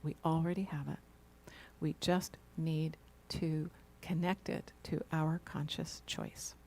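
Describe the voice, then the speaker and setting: A woman minister delivers a sermon at an unhurried pace. Her voice sits low and calm, and she keeps checking in with the congregation through rhetorical questions. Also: a little hiss or hum. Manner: slow, reflective, asks rhetorical questions with frequent "right?".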